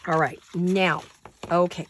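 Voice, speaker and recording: A woman's voice: on the low side, little pitch movement, slow pace, fairly bright tone, slight background noise. A woman hosting a craft-along from her home studio, chatting and talking to herself in a rambling, playful way. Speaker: crafting channel host.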